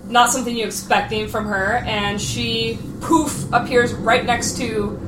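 Fairly high-voiced woman player, echoey room. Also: little pitch movement. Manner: halting, with fillers. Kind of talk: narrating her character's actions. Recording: roomy room with background noise.

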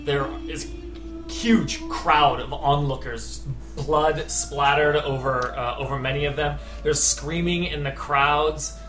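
Gm narrating a tabletop scene, bit halting, roomy echo, music. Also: medium pitch, fairly even intonation. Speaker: game master.

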